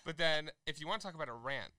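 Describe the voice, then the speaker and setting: Fast, combative guy ranting. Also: fairly high pitch, animated, sharp tone, clean tone, no room sound. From New Jersey. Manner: combative ranting, swearing freely. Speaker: podcast co-host. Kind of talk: casual chat.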